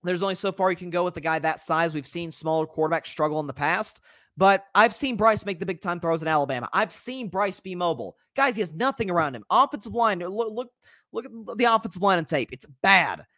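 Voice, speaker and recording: A man hosting a casual solo sports podcast, talking in an animated, rambling way with many restarts. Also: sits high, fairly quick, no room sound, studio quality. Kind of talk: casual solo sports commentary reading live comments.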